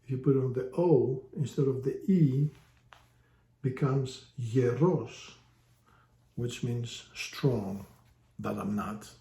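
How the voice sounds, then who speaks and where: A man's voice: mid-range voice, slow, gravelly, warm tone, a little hiss or hum. A man giving a casual online language lesson, explaining patiently with wry, joking asides. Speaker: language teacher. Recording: echoey room.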